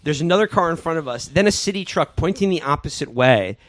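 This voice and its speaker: A man from New York hosting a casual podcast, telling stories in quick bursts and acting out quotes. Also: on the high side, animated, no echo.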